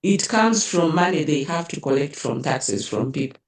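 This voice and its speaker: A woman's voice: low-pitched, expressive, moderate pace, creaky, reverberant, far from the mic. A woman with a Ugandan accent giving impassioned political commentary, indignant and rhetorical, often adding "eh?" and "hmm?".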